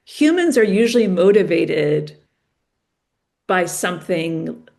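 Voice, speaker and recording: A woman's voice: on the low side, takes it slowly, creaky. A woman, a podcast guest, telling stories in casual conversation and acting out the dialogue. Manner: animated, acts out dialogue in stories. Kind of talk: conversational storytelling.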